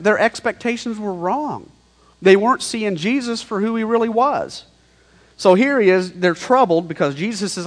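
A man's voice: high-pitched, moderate pace. A man preaching a sermon in a conversational, emphatic way, mixing scripture with slangy paraphrase. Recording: long hall reverb.

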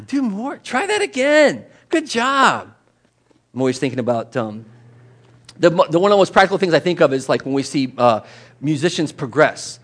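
A middle-aged man preaching a sermon to a congregation, animated and jokey, acting out little voices of people as he tells stories. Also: medium pitch. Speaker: pastor. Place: church in front of a congregation.

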